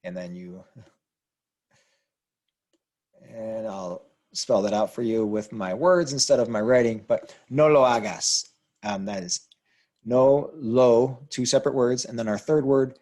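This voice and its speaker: This man, a Spanish teacher, patiently explains grammar on a whiteboard and spells each word out by its letters. His mid-range voice has a darkish tone and a slightly slow pace.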